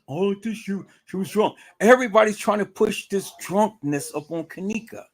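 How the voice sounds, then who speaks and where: A man's voice: sits high, lively intonation, moderate pace, darkish tone. A man giving casual livestream commentary, emphatic and repetitive, asking rhetorical questions.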